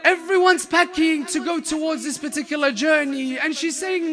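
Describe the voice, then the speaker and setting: A man preaching a mourning sermon, impassioned, breaking into shouted and chanted lament. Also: very high voice, moderate pace, vocal fry, soft background music.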